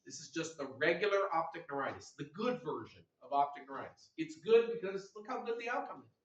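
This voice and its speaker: A middle-aged man giving a lively medical lecture, teasing the audience and quizzing them. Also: fairly high pitch, brisk, muffled recording. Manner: energetic, teasing, asks the audience questions. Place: large lecture hall. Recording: echoey hall recorded from a distance.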